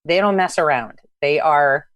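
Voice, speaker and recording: A woman instructor, a guest, telling lively stories about her teaching and acting out what people said. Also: low voice, normal speed, no echo, lo-fi sound. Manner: animated, acts out past dialogue. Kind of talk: storytelling in conversation.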